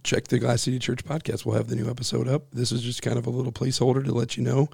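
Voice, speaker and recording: A man in his forties with a hoarse, husky voice from overuse, co-hosting a casual church podcast in a small office with a joking, self-deprecating manner. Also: mid-range voice, little pitch movement, quick pace, darkish tone, dry recording, studio quality. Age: 40s. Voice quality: gravelly, husky. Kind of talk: casual chat. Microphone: boom-arm studio mic.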